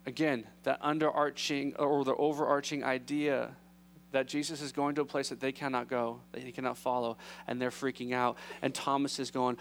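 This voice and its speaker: A man's voice: mid-range voice, moderate pace, a bit bright. A man preaching a sermon in a conversational way, acting out the voices of the people in the story. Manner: conversational, acts out disciples' voices. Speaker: pastor.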